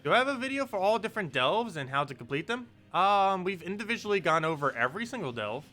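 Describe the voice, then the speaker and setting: A man's voice: high voice, very animated, fast talker, pushed and bright, soft background music. A man casually chatting with his live-stream chat, laid-back and joking about how he says words. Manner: laid-back, chatty, answers chat, laughs at own pronunciation.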